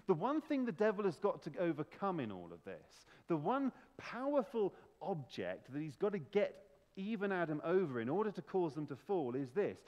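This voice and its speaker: Man, pastor, church sermon, emphatic, lively pitch, long hall echo. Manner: animated, emphatic, rhetorical questions.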